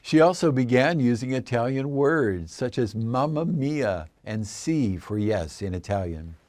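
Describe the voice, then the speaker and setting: A man narrating a scripted explainer in a measured, assertive way. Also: mid-range voice, lively intonation, a little mellow, no echo.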